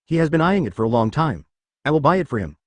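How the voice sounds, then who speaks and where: A man's voice: fairly high pitch, very animated, quick pace, no room sound, clean studio sound. A man voicing a curious, teasing young wife and mother in a read-aloud web novel. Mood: curious, playful. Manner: curious, playful.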